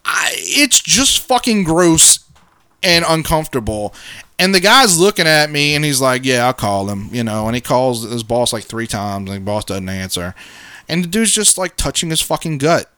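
Male podcast co-host, casual storyteller, heavy swearing, mid pitch, dry sound. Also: normal speed, smooth, no room sound. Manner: profane, animated, acts out quotes.

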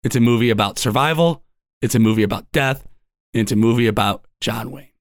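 A man's voice: mid-range voice, a little fast, no echo, studio quality. A man co-hosting a casual movie podcast, easygoing and wry, laughing often. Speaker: podcast co-host.

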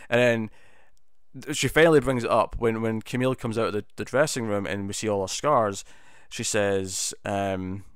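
A man's voice: lowish voice, clear, resonant tone, no room sound, studio quality. A man casually talking through a TV episode, rambling with many restarts and fillers. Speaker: TV episode reviewer. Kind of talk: casual spoken review.

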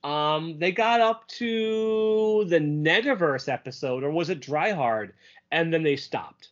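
A man co-hosting a casual podcast, lively and laughing often, quoting characters in goofy voices. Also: on the high side, takes it slowly. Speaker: podcast co-host. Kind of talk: casual chat. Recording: dull lo-fi audio.

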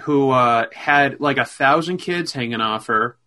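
A man's voice: medium pitch, measured pace. A man chatting casually over a call, telling stories with lots of fillers and restarts. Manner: animated storyteller, rambling with fillers. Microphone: call audio.

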